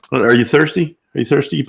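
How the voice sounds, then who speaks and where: An older man runs a casual live chat, reading out viewer names one after another. His tone is upbeat and chatty, with sudden whoops of excitement between greetings. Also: mid-range voice, normal speed, vocal fry, breathy edge. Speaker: livestream host.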